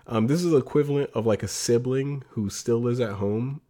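A man's voice: mid-range voice, a little fast, mellow. A man co-hosting a casual music podcast, bluntly and sarcastically trashing an album, swearing often and stumbling over restarts. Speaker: podcast co-host. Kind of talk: casual album review chat.

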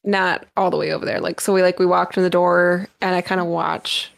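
A woman's voice: lowish voice, little pitch movement, a little fast, creaky, no echo, studio quality. A woman playing a tabletop role-play, chatty and light. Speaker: player.

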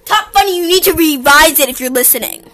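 Brief: woman podcast co-host, bright, playful, casual banter. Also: high-pitched, fast talker.

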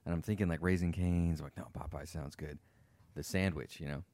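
A man hosting a casual podcast, relaxed and laid-back, swearing easily as he tells a story. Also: sits low, fairly quick, dry recording. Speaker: podcast host. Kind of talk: casual chat.

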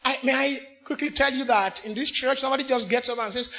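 A man with a Nigerian accent preaching a sermon in church, emphatic, swinging from shouts to hushed asides. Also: very high voice, fairly quick. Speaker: pastor.

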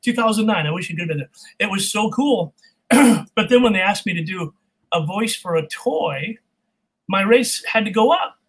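A middle-aged man, a voice and accent coach, telling animated stories as an interview guest, laughing often and imitating people. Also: high voice, normal speed, husky, poor audio. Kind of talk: casual interview storytelling.

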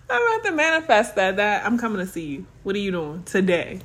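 A young adult woman hosting a casual solo podcast, chatty and animated, laughing often and calling her listeners baby and y'all. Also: mid-range voice. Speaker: podcast host.

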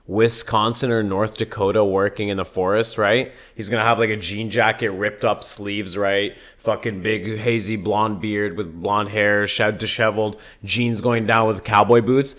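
A young man in casual chat, telling animated, profane stories and slipping into impressions. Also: fairly low pitch, moderate pace.

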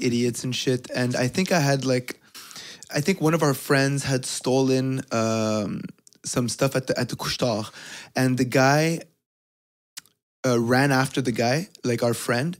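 Casual man on a podcast, swearing. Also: medium pitch. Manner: reacts loudly, swears, says bro. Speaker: podcast co-host. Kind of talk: casual chat.

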